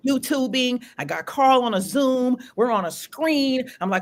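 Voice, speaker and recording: Animated woman telling a frustrating story. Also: a little high, normal speed, hardly any pauses. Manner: animated, repeats phrases for emphasis, swears freely. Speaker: show host. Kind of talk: casual storytelling chat.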